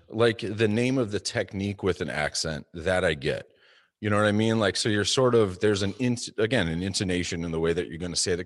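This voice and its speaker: A man's voice: sits low, dry recording, studio quality. A man co-hosting a casual martial arts discussion show, thinking aloud with rambling asides.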